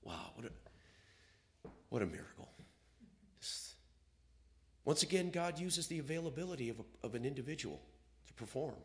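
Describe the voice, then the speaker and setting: A man's voice: medium pitch, moderate pace, pauses often. A man preaching a sermon, reading scripture aloud and acting out the voices of the people in it. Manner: animated, acts out quoted voices, reads scripture aloud.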